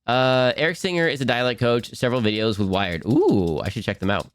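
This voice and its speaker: A man's voice: mid-range voice, expressive, brisk. A man hosting a cartoon watch-along stream from home at his computer, rambling and giggling as he answers chat. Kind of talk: casual live-stream chat.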